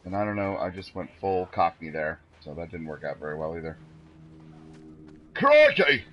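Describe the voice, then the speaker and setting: A man's voice: low-pitched, steady tone, fast, low-quality recording. A man streaming a game, rambling and self-deprecating, exclaiming at what happens on screen. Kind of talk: casual gameplay commentary.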